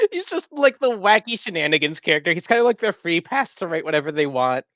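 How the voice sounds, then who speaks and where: A woman's voice: lowish voice, very animated, brisk, a bit bright, dry recording, highs cut off. A woman co-hosting a casual show review, sardonic and swearing, laughing often. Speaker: podcast co-host.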